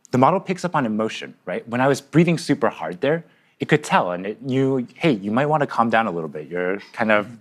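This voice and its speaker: Relaxed presenter, man, animated delivery, conversational. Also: medium pitch. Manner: casual, upbeat, explanatory. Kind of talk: live product demo.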